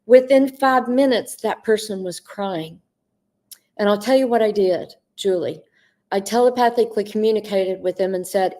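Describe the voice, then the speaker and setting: A middle-aged woman hosting a live Q&A on spiritual coaching, speaking earnestly and addressing viewers by name, with drawn-out, emphatic phrasing. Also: mid-range voice, mellow. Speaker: host answering viewer questions.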